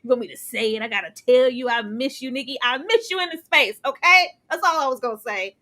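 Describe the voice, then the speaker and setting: A woman chats casually on a livestream, thanking viewers one by one. Her voice is bright and forward, her manner playful and animated, and she breaks into laughter and teasing asides as she goes. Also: high voice, quick pace. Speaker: co-host of an anniversary livestream. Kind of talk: casual livestream chat, reading out super chats.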